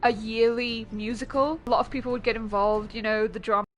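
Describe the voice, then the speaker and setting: A young woman streamer chatting casually while gaming, animated and giggly, swearing freely. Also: a little high, a little fast.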